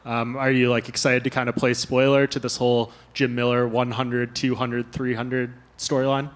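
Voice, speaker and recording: Flat-voiced male reporter asking questions. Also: mid-range voice, normal speed. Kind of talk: interview questions.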